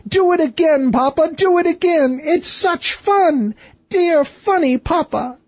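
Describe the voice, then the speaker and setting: A man voicing a giddy, carefree teenage princess in a shrill, delighted squeal. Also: big pitch swings, slow pace, husky, no room sound, highs cut off, full character voice. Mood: gleeful.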